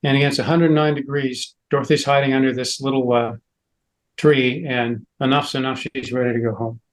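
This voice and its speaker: A man's voice: mid-range voice, level tone, moderate pace, rough recording. A man giving an enthusiastic slide-show talk to a radio club, telling the story with frequent "uh" fillers. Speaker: club presenter.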